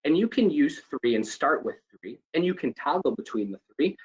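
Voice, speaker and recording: A man giving an animated training talk on phone skills for call center staff, often shifting his tone and volume to demonstrate. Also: medium pitch, normal speed, hardly any pauses, slightly rough, highs cut off. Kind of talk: training presentation.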